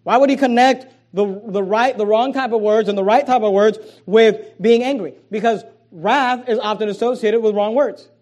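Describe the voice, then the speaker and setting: A man, a pastor, preaching a sermon, swinging between soft low asides and loud emphatic lines, with frequent repeated words and restarts. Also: moderate pace, few pauses.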